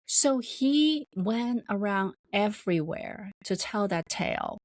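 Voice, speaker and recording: A woman's voice: very animated, a little slow, hardly any pauses, dry recording. A woman podcast host retelling a story in a rambling, casual way with plenty of fillers. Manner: rambling, many fillers, acts out quoted voices higher.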